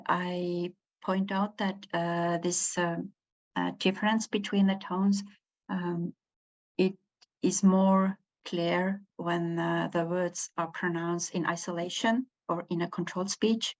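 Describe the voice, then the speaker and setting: Woman lecturer, slow and halting, lotta uhs, kinda dull lo-fi sound. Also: on the low side, flat delivery. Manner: hesitant, many pauses and fillers. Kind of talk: university lecture. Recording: dull lo-fi recording.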